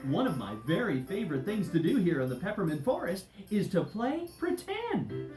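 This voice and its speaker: A woman's voice: mid-range voice, very animated, normal speed, lightly acted. A woman voicing a cheerful, friendly male candy game leader who plays a follow-the-leader game with children. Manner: bouncy, playful, coaxing children. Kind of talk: children's DVD game hosting. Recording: roomy echo with music behind.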